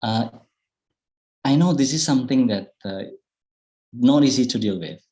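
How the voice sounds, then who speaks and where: A man with an Indonesian accent giving an online public speaking talk, speaking slowly and thoughtfully with frequent fillers and restarts. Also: mid-range voice, darkish tone, poor audio. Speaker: guest speaker. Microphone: video call.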